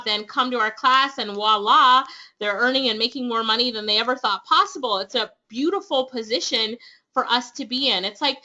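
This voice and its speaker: A Jamaican woman runs an online class webinar with eager, persuasive energy. Her voice sits high and bright. The sound is dull and lo-fi, like a webinar stream. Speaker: online business trainer hosting a webinar. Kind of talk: upbeat sales pitch to webinar attendees.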